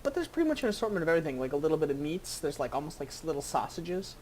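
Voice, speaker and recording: A game master narrating a tabletop game scene, halting with many fillers and restarts. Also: mid-range voice, very animated, a little mellow, slight background noise.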